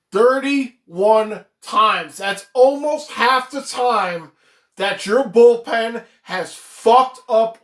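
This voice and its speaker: A man's voice: very high-pitched, a bit bright. Profane fired-up male sports streamer. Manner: reads viewer chat aloud. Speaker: live streamer, sports fan. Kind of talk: live stream sports reaction rant. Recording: echoey room.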